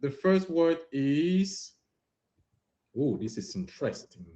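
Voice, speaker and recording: A man's voice: on the high side, very animated, slow pace, mellow. A man hosting a playful pronunciation quiz on a live stream, teasing the players as he calls on them. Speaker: host running a live-stream French pronunciation game. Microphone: live-stream app audio. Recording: dull lo-fi stream audio.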